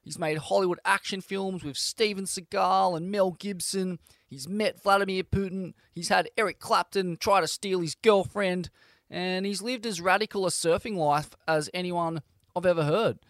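A man introduces the episode in a brash, profane, admiring way. His voice sits a little high for a man. The sound is close and dry. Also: steady tone, normal speed, fairly bright tone, no echo. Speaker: show host, intro.

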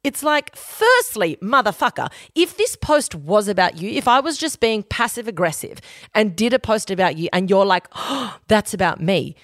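A woman's voice: medium pitch, sing-song, moderate pace, a bit bright, no echo, clean studio sound. A young adult woman, hosting a casual advice podcast in a blunt, sweary, emphatic way. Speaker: podcast host giving advice.

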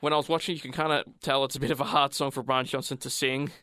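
A man's voice: medium pitch, flat delivery, fast talker, pushed and bright, smooth, no room sound, studio quality. A man, chatting about rock records on a podcast, hesitant with many ums and restarts. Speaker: podcast co-host, music fan. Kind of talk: casual music discussion.

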